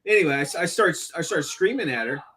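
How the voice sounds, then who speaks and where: A man's voice: on the high side, quick pace, a little hiss or hum. A man hosting a live stream, telling a story in casual chat, swearing freely and acting out angry quotes. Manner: profane, animated, acts out angry quotes. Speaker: stream host.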